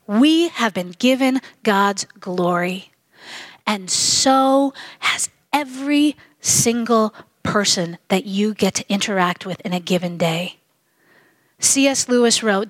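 A middle-aged woman preaching a sermon, earnest and measured, slowing down to stress key phrases. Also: mid-range voice, expressive, dry recording. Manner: earnest, measured, slows for emphasis.

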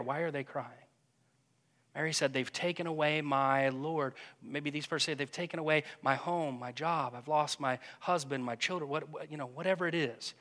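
A man leading a congregation through a guided prayer meditation, speaking gently and hesitantly, often repeating words. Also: fairly high pitch. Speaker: pastor. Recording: long reverb of a church hall.

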